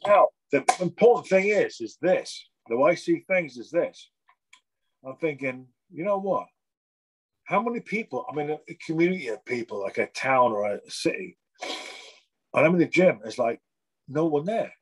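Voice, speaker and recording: Middle-aged man, husky, animated and profane, somewhat high voice. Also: normal speed, low-quality recording. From England. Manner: animated, swearing, acts out gym talk. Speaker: guest artist. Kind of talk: casual chat.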